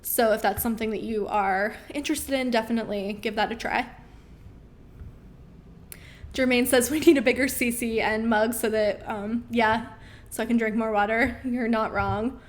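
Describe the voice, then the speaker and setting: A young woman hosts a casual live Q&A, reading out viewer questions and answering them in a friendly, chatty way. Her voice sits a little high and sounds worn, and she clears her throat now and then. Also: fairly even intonation, moderate pace. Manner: friendly, reads viewer questions aloud, frequent ums. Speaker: host of a live Q&A stream.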